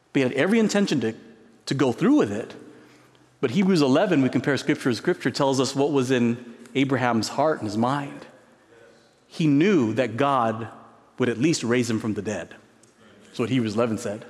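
A man preaching a sermon with emphasis, his voice climbing high on key words between musing pauses. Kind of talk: expository sermon. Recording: long reverb of a large hall.

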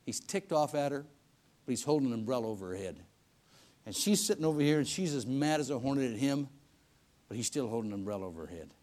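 A man preaching a sermon in a church service, telling stories in a folksy way, swinging between loud emphasis and hushed lines. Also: medium pitch, sing-song, fast. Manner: folksy storytelling with repetitions and restarts.

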